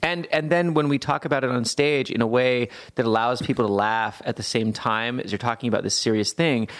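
A man chatting casually as a podcast host, telling a story with lots of restarts and bursts of acted-out yelling. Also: mid-range voice, a little fast. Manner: animated, acts out his younger self yelling with lots of restarts.

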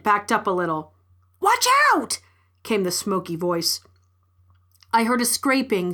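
A woman's voice: medium pitch, a bit bright. A woman reading a first-person story aloud in a wry, scripted narration.

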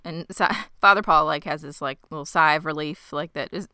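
A woman co-hosting a podcast, retelling a show's plot in animated, casual chat. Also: sits low, a little fast, hardly any pauses, clean tone, no echo, studio quality. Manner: animated storytelling, acting out quoted characters with frequent laughs. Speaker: podcast co-host.

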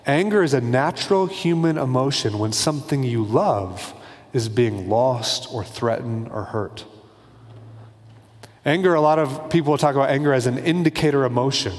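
A man's voice: fairly high pitch, long reverb tail. A man preaching a sermon in a casual, conversational way, acting out little bits of dialogue. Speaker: pastor.

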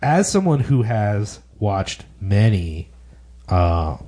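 A man co-hosting a film podcast, talking in a relaxed, halting, frank way. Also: fairly low pitch. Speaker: podcast co-host. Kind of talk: casual film podcast chat.

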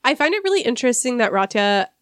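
A woman's voice: a little high, sing-song, fast talker, fairly bright tone, smooth, dry recording, studio quality. A woman hosting a casual literary discussion podcast, reading quoted passages and stumbling over hard words. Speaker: podcast host.

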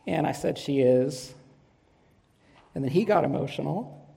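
Male pastor, 30s, earnest sermon delivery with warm anecdotes; reverberant church sound. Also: fairly high pitch, quick pace, gravelly, slightly rough. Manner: earnest, storytelling with light humor. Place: church sanctuary.

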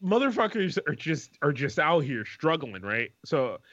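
A man's voice: on the high side, measured pace, dry recording. A man co-hosting a podcast, telling a story in casual chat, swearing a lot and acting out the people he quotes. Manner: profane, animated, acts out quoted people. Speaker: podcast co-host. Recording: dull lo-fi sound.

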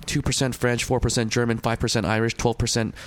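A man's voice: mid-range voice, fast talker. A young man co-hosting a casual comedy podcast, telling stories with sarcasm and acting out the people he quotes. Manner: animated storyteller, acts out quotes, sarcastic. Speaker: podcast co-host.

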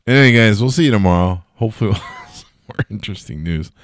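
Sleepy podcast dude, really low voice, rambly and sweary, dry close sound. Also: male voice, animated, quick pace, no echo. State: tired and yawning. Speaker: podcast host. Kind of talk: casual solo news podcast.

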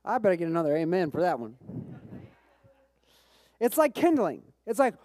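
A man preaching a sermon as pastor, telling a personal story with bursts of excitement and frequent repeated words. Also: sits high, normal speed, no echo. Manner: repeats words when restarting phrases.

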